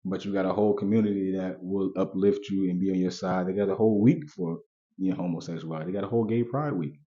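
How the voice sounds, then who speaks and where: In a muffled recording, a man with a low, dark voice speaks quickly in a casual commentary vlog. He talks straight to his viewers and keeps repeating his points.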